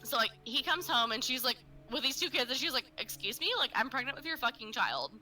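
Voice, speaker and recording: Bright-voiced woman telling a story with swearing. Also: sits high, very animated, fairly quick, faint music behind, low-quality recording. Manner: swearing, filler-heavy storytelling, acting out quotes. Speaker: podcast co-host. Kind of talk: casual true-crime podcast chat.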